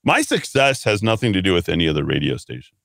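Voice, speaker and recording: A man's voice: deep voice, very animated, fast, gravelly, fairly bright tone, no echo. A man hosting a talk radio show, ranting bluntly and combatively in a monologue from a radio studio. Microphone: studio microphone.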